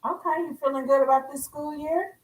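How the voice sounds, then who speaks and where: A woman's voice: high voice, fairly even intonation, fairly quick. A woman hosting a casual podcast over a video call, playful and giggly as she welcomes her co-hosts. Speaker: podcast host. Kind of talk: casual chat. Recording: echoey room.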